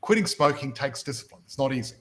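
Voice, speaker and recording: A man's voice: medium pitch, fast, slight background noise, low-quality recording. A man hosting a motivational podcast, talking energetically and often restarting his sentences as he tells stories. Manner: energetic, repeats words when starting sentences, storytelling. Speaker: podcast host and property mentor.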